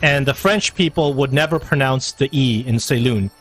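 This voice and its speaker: A man's voice: medium pitch, moderate pace, fairly bright tone. Chatty guy running a tabletop game, rambles, lots of ums, mid voice. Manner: rambling, chatty, full of fillers. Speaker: game master.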